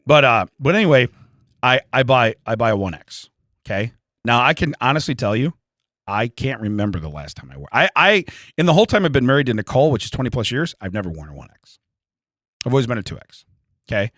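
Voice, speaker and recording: A man's voice: mid-range voice, big pitch swings, fast, fairly bright tone, dry recording, studio quality. A man, telling a long comic story in casual podcast chat and laughing often. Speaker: podcast co-host.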